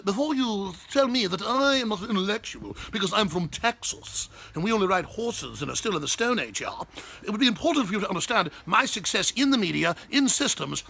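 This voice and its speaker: A man's voice: high voice, vocal fry, pushed and bright, voice pushed up, heavily acted. A man putting on a pompous English accent to play a haughty, lecturing intellectual. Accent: put-on English. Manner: lecturing, haughty, mock-refined.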